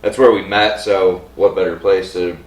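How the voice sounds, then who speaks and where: A man's voice: deep voice, level tone, moderate pace, recorded from a distance, slight background noise. A man being interviewed as a guest on a podcast at home, easygoing and matter-of-fact as he tells his story. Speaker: MMA fighter, guest. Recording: roomy echo, off-mic.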